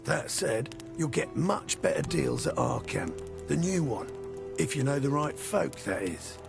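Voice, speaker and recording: Gravelly convict hunter, lively sing-song, kinda high, game music behind. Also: male voice, measured pace, exaggerated voice. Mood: sly. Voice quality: gravelly, slangy. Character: rough cocky male convict hunter, sly. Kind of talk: video game dialogue.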